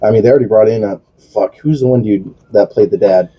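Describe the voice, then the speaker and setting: A man's voice: fairly low pitch, fast, breathy edge, lo-fi sound. A man co-hosting a podcast in casual chat, rambling and swearing, with lots of fillers and restarts. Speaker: podcast co-host.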